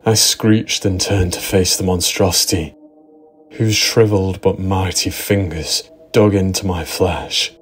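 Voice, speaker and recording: A man narrating a first-person horror story in a steady, dramatic storytelling manner. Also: sits low, measured pace, soft background music. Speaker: narrator and writer.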